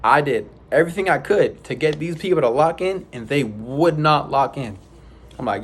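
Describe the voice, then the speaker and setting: A young man casually recounting his own experience in a vlog, rambling with restarts and sound effects like "boom". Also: expressive, moderate pace, slight background noise. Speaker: vlogger. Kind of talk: casual storytelling.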